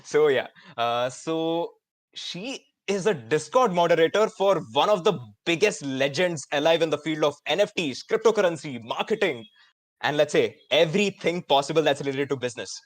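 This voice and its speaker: A man in his twenties with an Indian English accent, hosting a live online student event in an energetic, chatty way with many fillers. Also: a little high, normal speed, no room sound. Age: 20s. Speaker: host.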